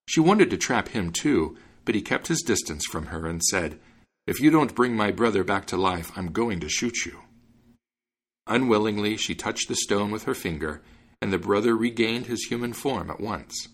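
A man hosting a podcast, narrating a fairy tale in an expressive reading voice. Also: lowish voice, creaky, breathy edge. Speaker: podcast host and reader. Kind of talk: storybook narration.

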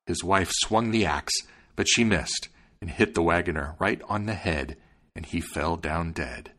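A man hosting a podcast, reading a fairy tale aloud with expressive storytelling. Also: deep voice, measured pace. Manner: expressive storytelling, polite sign-off. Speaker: podcast host and narrator.

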